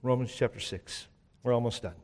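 A man preaching a sermon as pastor, shifting between driving emphasis and hushed, slow lines. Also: medium pitch. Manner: preaching with sudden drops to a hushed voice. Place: church sanctuary. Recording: long hall reverb.

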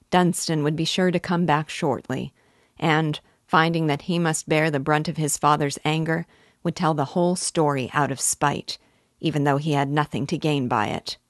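A woman teacher reading a classic novel aloud in measured, even narration. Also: deep voice, no echo, studio quality. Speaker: literature teacher.

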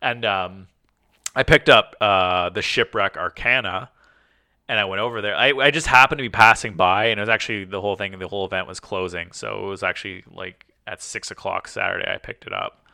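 A man's voice: fairly low pitch, a little fast, vocal fry, dry recording, studio quality. A man co-hosting a casual podcast chat, telling rambling stories peppered with "like" and acting out the conversations he quotes. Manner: rambling storyteller, heavy use of "like"; animated, acts out quoted conversations. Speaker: podcast co-host.

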